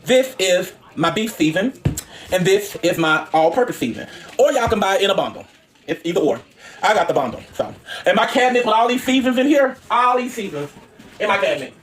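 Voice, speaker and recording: A Southern woman talks straight to her viewers from her home kitchen, words tumbling out quickly. She rambles and circles back to repeat the same point, loose and informal. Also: medium pitch, big pitch swings, slight background noise. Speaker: home cooking vlogger. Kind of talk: casual chat to viewers.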